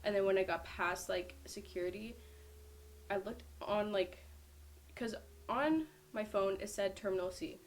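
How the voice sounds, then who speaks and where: A woman's voice: mid-range voice, a little slow. A young adult woman, a powerlifter, chatting casually to camera in a vlog and filling her talk with lots of "like". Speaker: powerlifter vlogger.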